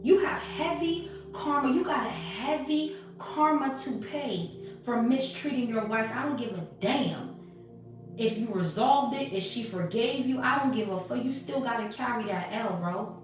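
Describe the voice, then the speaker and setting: A woman's voice: a little high, animated, normal speed, very echoey, distant mic, music in the background. A woman giving blunt, profane spiritual commentary as a tarot reader, acting out quoted conversations. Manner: blunt, profane, preachy, acts out quoted exchanges.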